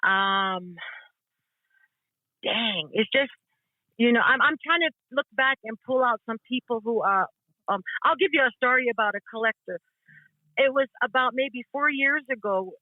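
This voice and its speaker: A woman's voice: a little high, moderate pace, no room sound. A woman tells a story over a call, her voice squeezed thin like a phone line. She talks casually and animatedly, slipping into the voices of the people she quotes. The sound is dry and close. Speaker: guest potter.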